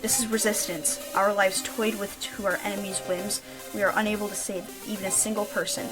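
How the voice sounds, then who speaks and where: A woman voicing a calm, resolute young man giving a solemn farewell speech. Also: mid-range voice, natural voice. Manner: solemn, measured. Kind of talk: reading game dialogue aloud. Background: game music.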